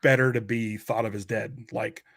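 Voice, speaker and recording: A man in casual podcast chat who talks haltingly, restarting his sentences. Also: on the low side, little pitch movement, a bit bright, no room sound, clean studio sound. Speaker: podcast co-host.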